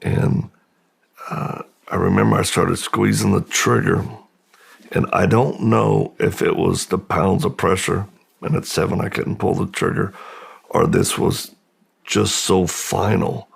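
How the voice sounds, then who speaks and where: A middle-aged man telling a personal story as a podcast guest, slow and halting, with pauses and restarts. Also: deep voice, fairly even intonation. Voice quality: gravelly, husky. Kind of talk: personal testimony in a long-form interview.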